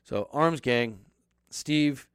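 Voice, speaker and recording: A man's voice: medium pitch, extremely slow, smooth, dry recording, studio quality. A man retelling a film's plot in a casual chat, swearing freely and acting out lines from it. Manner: profane, animated storytelling with acted-out quotes. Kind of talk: casual movie recap chat.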